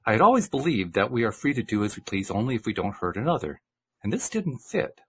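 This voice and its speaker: A man's voice: mid-range voice, very animated, quick pace, a bit bright, husky. A man who hosts a radio show, reading a book aloud and then chatting casually.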